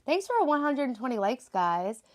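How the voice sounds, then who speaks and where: A middle-aged vlogger mom livestreams from a cluttered room at home, chatting casually and responding to viewer comments along the way. Her high voice is very animated and darkish in tone, at a moderate pace.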